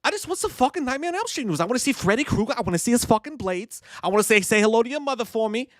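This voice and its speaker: A man's voice: very high-pitched, very animated, racing, no echo, studio quality, pitched above the performer's own voice. A man doing a comedic impression of a ranting, swaggering middle-aged celebrity with a Boston accent, full of profane repetition.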